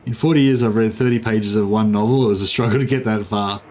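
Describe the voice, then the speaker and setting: A man's voice: fairly low pitch, fairly even intonation, quick pace, darkish tone. A man casually commentating a livestream of a strategy game, rambling with many fillers and restarts. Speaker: streamer.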